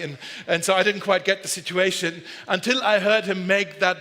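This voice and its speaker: In a large church hall with long reverb, a pastor gives a joking, conversational sermon, frequently fixing his phrasing as he goes. He talks a little fast with few pauses, his voice sitting high, steady, bright and forceful.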